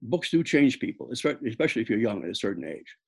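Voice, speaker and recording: A man's voice: medium pitch, very animated, fast talker, creaky, slightly rough. An older man from the Bronx, an author telling personal stories in a reflective way that halts often and repeats words. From the Bronx, New York. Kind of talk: personal storytelling talk.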